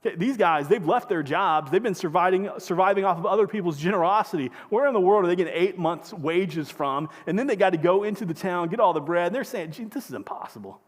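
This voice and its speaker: High-voiced man preaching in a reverberant hall. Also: quick pace, few pauses. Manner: conversational preaching, asks the congregation questions. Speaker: pastor. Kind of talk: sermon. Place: church sanctuary.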